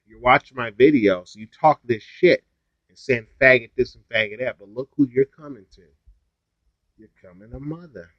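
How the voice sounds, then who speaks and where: A man's voice: mid-range voice, moderate pace, no echo. Profane, ranting man, dull lo-fi sound. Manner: blunt, heavily profane ranting. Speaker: YouTuber. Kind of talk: casual storytime vlog.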